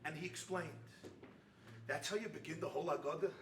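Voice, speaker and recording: A man, a rabbi, giving an animated, humorous sermon at a retreat and acting out the people he quotes. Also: fairly high pitch, a little fast, far from the mic, noisy background. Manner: animated, acts out quoted voices, jokes. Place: retreat hall with audience. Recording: echoey hall, voice picked up from afar.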